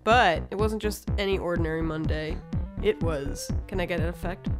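A woman's voice: lowish voice, moderate pace, music in the background. A woman co-hosting a podcast, chatting in a teasing, casual way with lots of fillers. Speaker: podcast co-host. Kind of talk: casual chat.

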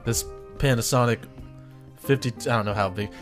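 A man's voice: mid-range voice, steady tone, normal speed, soft background music. A man hosting a radio show in casual chat, telling stories animatedly with frequent restarts and laughter.

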